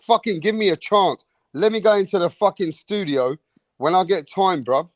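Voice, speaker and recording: A man's voice: sits high, moderate pace, dry recording. A man, hosting a live online show, ranting in an exasperated, profane way and repeating "bro" and "man". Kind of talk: heated live-stream rant.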